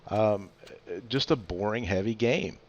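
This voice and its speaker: A man giving a relaxed, chatty game review with lots of fillers and little chuckles. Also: fairly low pitch, unhurried, muffled recording, slight background noise. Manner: chatty, loose, many fillers, chuckles often. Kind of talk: casual gameplay commentary.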